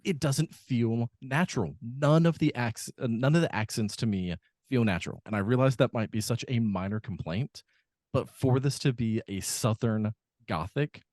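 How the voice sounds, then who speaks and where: A man's voice: fairly low pitch, a little mellow, no echo, clean studio sound. A man co-hosting a podcast, talking through a film in casual chat with lots of fillers and restarts. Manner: rambling, many fillers and restarts. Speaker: podcast co-host.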